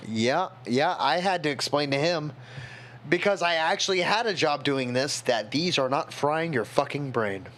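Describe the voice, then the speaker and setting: A man's voice: fairly high pitch, animated, normal speed, fairly bright tone. A tipsy man streaming, rambling in casual chat and talking to his chat moderators.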